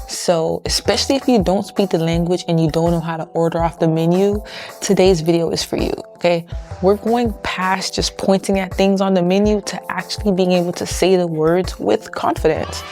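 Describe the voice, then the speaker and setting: A woman from Haiti teaching phrases in a casual, chatty lesson, repeating each one slowly for learners. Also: fairly low pitch, steady tone, warm tone, soft background music. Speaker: language teacher.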